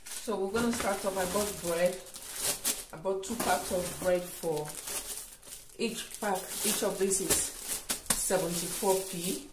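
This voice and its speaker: Slow-talking woman in an echoey room. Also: mid-range voice, noisy background. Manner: unhurried, thinking aloud with frequent ums and restarts. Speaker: vlogger. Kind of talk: casual grocery haul vlog. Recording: echoey room, voice a bit far from mic.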